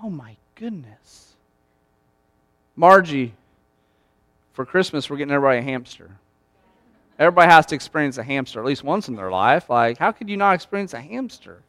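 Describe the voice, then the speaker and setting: A man preaching a sermon as pastor in a conversational, animated way, often acting out quoted lines. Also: fairly high pitch, fast talker, no room sound.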